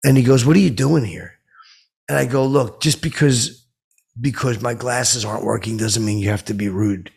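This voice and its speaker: A man hosting a comedy podcast, telling a rambling story in a dim, oblivious deadpan that jumps up in pitch when he quotes people. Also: normal speed, vocal fry, breathy edge.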